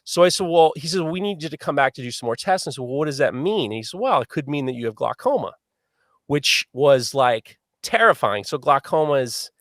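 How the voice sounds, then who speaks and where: A man hosting a live podcast, telling a long story in a lively, swearing manner. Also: on the high side, a little fast, no echo, clean studio sound. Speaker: podcast host.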